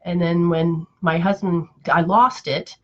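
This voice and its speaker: Woman with low voice, rambling and emotional. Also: steady tone, measured pace, a bit bright, lo-fi sound. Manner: rambling, emotional storytelling with many restarts. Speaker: spiritual teacher. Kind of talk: casual live chat.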